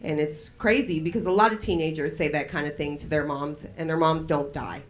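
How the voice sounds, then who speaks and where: A woman in her forties performing a live stand-up set on a small cafe stage, brash and profane, deadpan when the jokes turn dark. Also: low-pitched, a little fast. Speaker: stand-up comedian.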